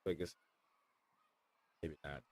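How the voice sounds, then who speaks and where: A man's voice: measured pace, a little mellow, no room sound. A man hosting a live watch-along, giving casual, rambling match commentary with lots of fillers and restarts.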